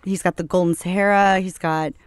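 A podcast co-host in casual chat, upbeat and chatty, quick to encourage the guest. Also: medium pitch, fairly even intonation, a little hiss or hum.

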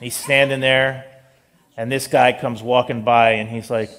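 A male pastor preaching a sermon in an animated style, with joking asides. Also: mid-range voice, unhurried. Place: church sanctuary. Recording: long reverb of a large hall.

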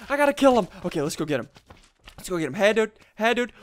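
A man giving excited live commentary over a video game, hyper and shouty, giggling often and swinging from low mutters to loud yells. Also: fast. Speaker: gaming YouTuber.

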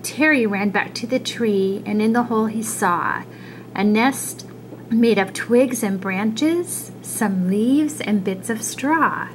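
A woman reading a children's picture book aloud, expressive and adding little asides about the pictures. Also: a little high, slow pace, slight background noise, poor audio. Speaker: storybook reader.

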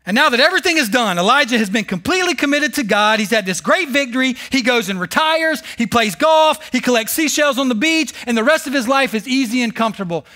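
A male pastor preaching a sermon, telling a Bible story with animated, sarcastic humor. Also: extremely high pitch, fast talker, hardly any pauses. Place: church service.

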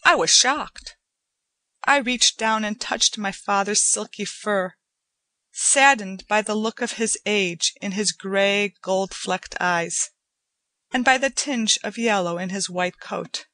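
A woman narrating a short story in a measured, unhurried storytelling manner. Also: medium pitch, sharp tone, dry recording. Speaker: audiobook narrator. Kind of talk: scripted narration.

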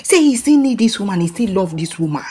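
Nigerian female gossip vlogger, husky mellow voice, lively street-talk delivery. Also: mid-range voice, fast talker. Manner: animated, keeps calling out "my people", mixes Pidgin and English. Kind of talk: casual celebrity gossip commentary.

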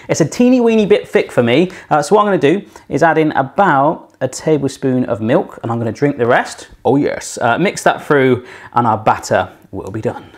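A man hosting a casual home baking tutorial in his kitchen, chatty and playful with puns and jokes. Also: mid-range voice. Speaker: self-taught home baker hosting a cooking channel.

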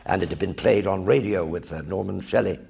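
An older English man telling lively anecdotes about his acting career in a one-man stage show, acting out the colleagues he quotes. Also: low voice, a little fast, creaky, slightly rough. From England.

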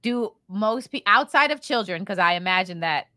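A woman co-hosting a podcast, asking curious, measured questions in a relaxed chat. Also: mid-range voice, dry recording, clean studio sound. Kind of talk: casual podcast interview.

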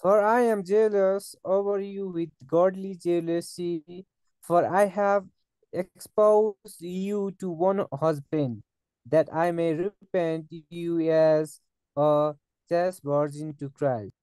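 A man reads scripture aloud at an unhurried pace. His voice is mellow and smooth, and the sound is dry and close, with no room echo. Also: sits high, steady tone. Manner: slow, careful reading with occasional stumbles. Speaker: scripture reader.

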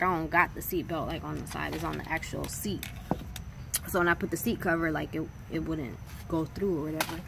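A woman's voice: fairly low pitch, creaky, fairly bright tone, a little hiss or hum. A young woman vlogger telling a story in a blunt, frustrated rant full of swearing.

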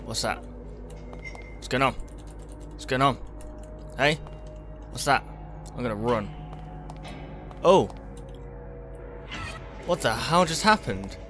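A man's voice: medium pitch, expressive, takes it slowly, pauses often, fairly bright tone, soft background music. A young man, commenting as he plays a horror game on a headset mic and talking to himself as he gets easily startled. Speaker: gaming YouTuber.

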